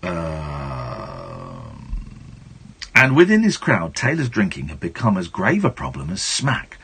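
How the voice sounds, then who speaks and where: A late-night radio host reads a book aloud on air from a radio studio, breaking off for playful asides. His low voice moves slowly with huge pitch swings and vocal fry, a bit bright and slightly rough, through a studio microphone.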